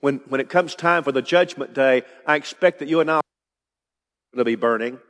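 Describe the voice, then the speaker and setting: Male preacher, expository sermon, emphatic delivery, mid-pitched voice, long hall reverb. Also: brisk, fairly bright tone. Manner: emphatic, building to rising declarations.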